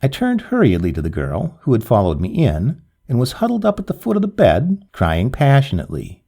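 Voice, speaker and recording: A male narrator reading a first-person tale aloud with a mellow, dark tone. His pitch swoops and leaps constantly, giving the reading a very animated, theatrical shape. Steady mid-range voice. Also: a little fast, creaky, husky. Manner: expressive, swooping delivery with sudden lifts. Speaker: story narrator.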